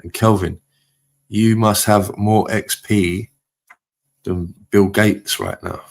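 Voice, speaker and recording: A man hosting a live stream, his voice sitting low with a gravelly, creaky edge. He chats loosely, reads out comments from viewers and tosses off easygoing shout-outs. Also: slow pace. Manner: relaxed, chatty shout-outs to viewers with chuckles. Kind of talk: casual live-stream chat, reading out comments.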